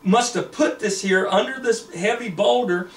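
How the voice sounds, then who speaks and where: A man's voice: sits high, normal speed, pitched above the performer's own voice. A man voicing an eager young man. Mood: thrilled. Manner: excitable, quoted in a storyteller's voice. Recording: echoey room, distant mic.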